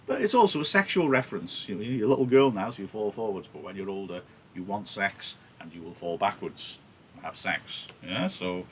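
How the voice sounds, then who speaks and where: A man's voice: lowish voice, lively intonation, a little fast, a little hiss or hum. A man teaching a play on a livestream, explaining in a chatty way with wry asides. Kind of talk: casual livestream lesson on a play.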